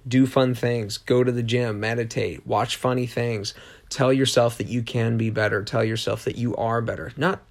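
A man's voice: mid-range voice, creaky. A man hosting a solo motivational podcast, talking earnestly in a rambling way, often restarting and repeating short emphatic affirmations. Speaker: podcast host.

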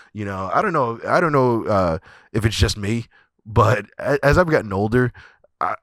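A man with a lowish voice spins a comic story for his podcast, swearing freely and breaking into laughter. His delivery is loose and conversational. The recording is close and dead dry. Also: dry recording. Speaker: podcast host. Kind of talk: comedic storytelling.

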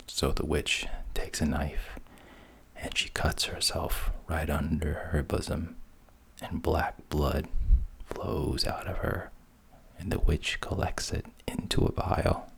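A man narrating a fairy tale in a whispered role-play. His voice is extremely low and gravelly, and he speaks slowly. It stays hushed and unhurried throughout. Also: level tone. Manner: hushed, breathy, unhurried retelling. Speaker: storyteller.

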